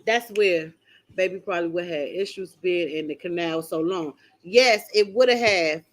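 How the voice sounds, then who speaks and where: A woman's voice: fairly low pitch, normal speed. An older woman hosting a casual live stream, talking emphatically and straight to her viewers as she reads and answers their comments. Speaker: channel host reading viewer comments.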